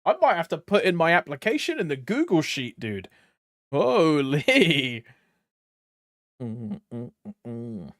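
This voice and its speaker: A man's voice: a little high, big pitch swings, normal speed, few pauses, dry recording, clean studio sound. A man streaming a game, chatting casually, joking around, swearing now and then and humming to himself. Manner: joking, loose, swears freely, hums to himself. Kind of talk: casual gameplay chat.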